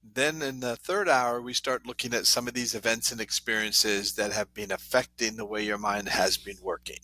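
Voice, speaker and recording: A man's voice: lowish voice, moderate pace, no room sound. A middle-aged man, a trauma therapist, telling stories in a podcast interview and acting out what people said. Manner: animated anecdotes, acts out quoted voices.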